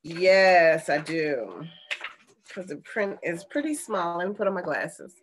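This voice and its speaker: A woman hosting a casual spiritual vlog, chatting in a relaxed, folksy way and reading from an oracle card. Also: lowish voice, slow, a little hiss or hum. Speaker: host and intuitive healer.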